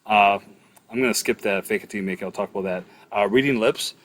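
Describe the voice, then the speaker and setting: A middle-aged man with a somewhat low voice lectures on EMS communication. He talks casually and drops in plenty of ums and uhs. He tells stories from his work on the ambulance. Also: quick pace, a bit bright. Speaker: EMS instructor.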